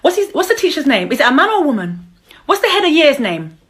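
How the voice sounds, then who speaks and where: Young woman, angry mocking rant, slightly high voice. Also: big pitch swings, quick pace, fairly bright tone. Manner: confrontational, heated and mocking, repeats herself. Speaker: mother calling out her child's father. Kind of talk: angry live-stream rant.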